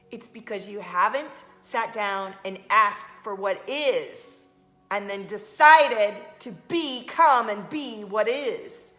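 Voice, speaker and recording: A woman coach speaks softly and soothingly to her live-stream viewers, chatting casually and greeting them by name. Her voice carries a roomy echo, as if she is in a bare room. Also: mid-range voice.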